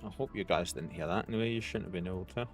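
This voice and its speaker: Low-voiced and racing along, a man streams a video game and chats casually with his viewers as he plays, giving laid-back let's-play commentary. Faint music plays in the background.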